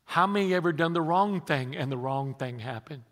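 A man's voice: a little high, lively intonation, normal speed, a bit bright. A man in his sixties, a pastor preaching an emphatic sermon and rallying his congregation with questions. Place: large church sanctuary. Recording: long reverb of a large hall.

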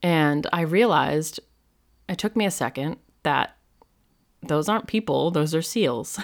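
A woman's voice: on the low side, expressive, normal speed. A woman hosting her own podcast in a casual, rambling monologue, often saying "like". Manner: chatty and rambling, heavy use of "like". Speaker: podcast host and medium.

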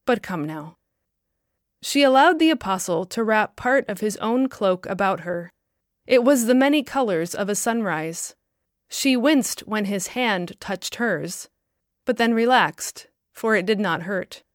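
A woman narrating a story in a calm, measured reading. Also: medium pitch, no room sound, studio quality.

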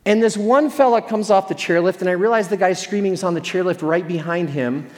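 A high-voiced male pastor delivers a sermon in a reverberant hall. He tells stories conversationally, sprinkling in self-deprecating humor.

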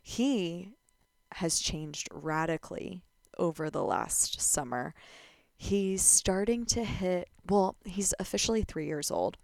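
A woman's voice: on the low side, animated, slow pace, gravelly, a little mellow, dry recording. A young woman hosting a casual solo podcast, chatty and blunt, full of "like" fillers. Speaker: podcast host.

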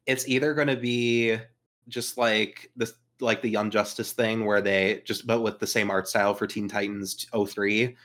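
A man's voice: fairly low pitch, fairly even intonation, moderate pace, fairly bright tone. A man hosting a casual group chat show, joking and swearing as he reads out questions. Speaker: podcast host.

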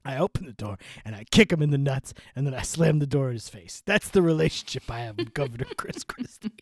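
A man doing a comedic impression of a boastful, rambling male rock singer with a croaky, raspy voice. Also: medium pitch, expressive, fairly quick, dry recording, clean studio sound. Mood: blustery. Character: gruff famous male rock singer, blustery.

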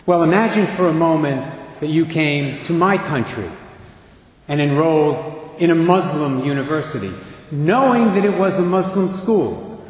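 A man voicing a calm, pointed young male college student in an earnest, reasoning manner. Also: a little high, pitched above the performer's own voice, close to an everyday voice. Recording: echoey church with long reverb.

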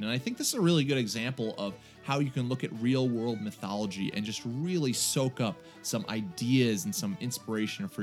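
A man co-hosting a tabletop gaming podcast in casual chat, talkative and quick to laugh at himself. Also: medium pitch. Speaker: podcast co-host.

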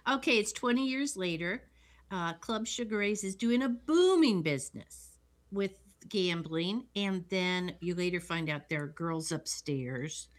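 A woman co-hosting a podcast, retelling a movie plot in a relaxed, steady way. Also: lowish voice, measured pace. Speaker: podcast co-host. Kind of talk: casual plot recap.

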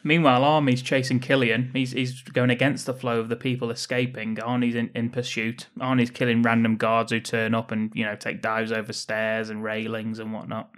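A man's voice: medium pitch, flat delivery, normal speed, few pauses, a bit bright. A man co-hosting a casual film podcast, recapping the plot with dry jokes and casual swearing. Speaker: podcast co-host. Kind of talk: casual film-review chat.

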